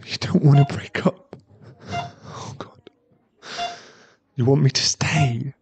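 A man's voice: mid-range voice, steady tone, moderate pace, a little mellow, husky. A man in an ASMR role-play, voicing a young boyfriend at a hospital bedside who pleads, stammers and sounds close to tears. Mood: remorseful. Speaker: ASMR voice actor.

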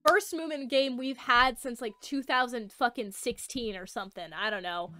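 A woman in her late teens giving excited let's play commentary, gushing, squealing and swearing. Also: on the high side, normal speed, no echo, soft background music.

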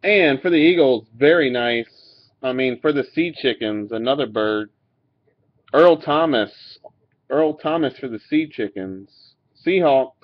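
A man talks slowly and easily, reading out cards with the odd curse and chuckle. His voice comes through a dull, lo-fi webcam microphone. He sounds loose and unhurried. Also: medium pitch, expressive. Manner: laid-back, swears and laughs while reading out cards. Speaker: card breaker. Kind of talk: casual card-pack opening commentary. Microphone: webcam mic.

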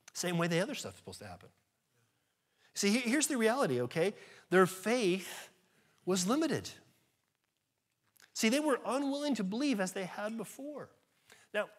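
A man preaching a sermon as pastor, earnest and emphatic, asking his listeners rhetorical questions. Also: sits high.

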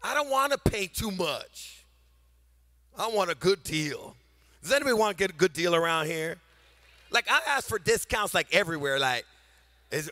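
Animated high-voiced older man preaching. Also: normal speed, long pauses, no room sound. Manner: animated preaching, sing-song emphasis, swings loud and quiet. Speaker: pastor. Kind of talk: sermon. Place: church sanctuary before a congregation.

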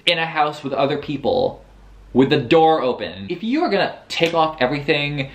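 A man chatting casually as a book vlogger, recapping a novel with sarcastic, animated storytelling. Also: on the high side, moderate pace, noisy background. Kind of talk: casual book review chat.

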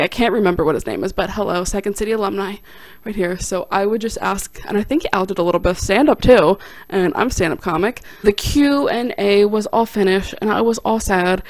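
A young woman tells a funny personal story on her vlog, slipping into quick quoted voices as she goes. Her voice has a gravelly edge of vocal fry, and the recording is close and dry with no room sound. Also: mid-range voice, no room sound. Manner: animated, self-deprecating storytelling with quoted voices. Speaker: vlogger and stand-up comic. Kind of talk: casual storytime.

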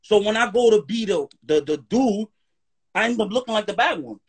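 A man's voice: high-pitched, normal speed, breathy edge. A man talking as a guest on a live stream in a heated, profane rant, often checking "you heard?". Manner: profane, animated, keeps asking "you heard?".

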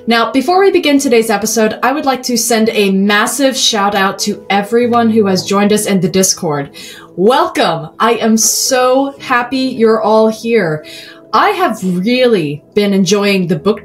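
A woman from California hosting a book podcast, chatty and self-deprecating. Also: on the high side. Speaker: podcast host. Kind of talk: casual podcast chat.

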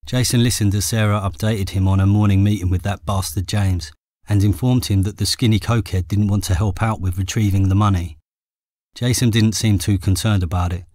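A man with an English accent reading his own memoir as an audiobook in a steady, measured way. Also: fairly low pitch, no room sound, clean studio sound. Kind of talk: audiobook narration.

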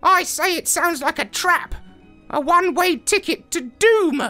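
A man's voice: extremely high pitch, a little slow, pushed and bright, soft background music, pitched above the performer's own voice, full character voice. A man voicing a pompous, megalomaniac male parrot in a children's storybook reading, with screeching, pompous outbursts. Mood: haughty.

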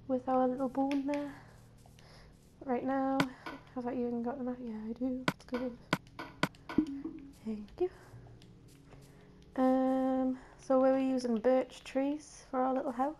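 A woman chatting casually through a gameplay session as the host of her gaming channel. Her voice is still rough after a cold, and she giggles and coaxes the animals in the game in a sing-song voice. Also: sits high, fairly even intonation, slow pace, long pauses, warm tone, soft background music.

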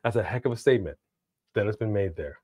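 Animated guy cohosting a stream, chatty, goes big announcer-style sometimes, dry sound. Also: lowish voice, fast talker, breathy edge, no echo. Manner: animated, bursts into hype-announcer delivery. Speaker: co-host of a wrestling prediction stream. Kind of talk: casual live-stream chat.

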